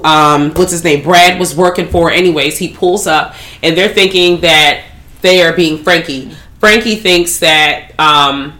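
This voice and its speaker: Podcast lady doing a movie recap, swears a lot, lively storytelling, echoey room. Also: fairly low pitch. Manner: animated, profane, slangy storytelling. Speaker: podcast host. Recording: roomy echo.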